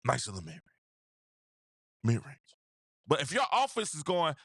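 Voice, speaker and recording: A man's voice: medium pitch, huge pitch swings, normal speed, pauses often, sharp tone, dry recording, clean studio sound. A man hosting a live stream, talking basketball in a loose, slangy way, greeting viewers by name and repeating phrases for emphasis. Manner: casual slangy delivery. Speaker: host. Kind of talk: live stream basketball talk with chat shout-outs.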